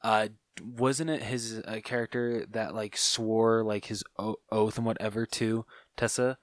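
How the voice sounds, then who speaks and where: A man's voice: on the low side, flat delivery, unhurried, dry recording. A man co-hosting a podcast, talking casually with lots of hesitation and self-deprecating jokes. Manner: hesitant, many fillers and restarts, self-deprecating. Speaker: podcast co-host. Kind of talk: casual chat.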